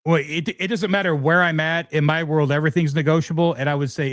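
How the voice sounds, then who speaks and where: Answering viewers on his laid-back guitar livestream, this middle-aged man speaks fast in a slightly high, fairly even voice. His talk is candid and wandering, full of restarts, and the audio is free of echo.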